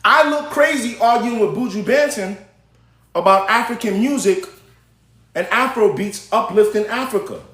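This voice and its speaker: A man's voice: high-pitched, moderate pace, a bit bright. A man hosting a live stream, chatting casually and directly to his viewers as he gives commentary. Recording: roomy echo.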